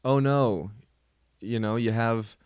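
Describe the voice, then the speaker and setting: A man's voice: medium pitch, slow, a little mellow, clean tone, dry recording, studio quality, close to an everyday voice. A man putting on a mocking, whiny impression of a boastful tall man who pities himself for his height. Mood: self-pitying.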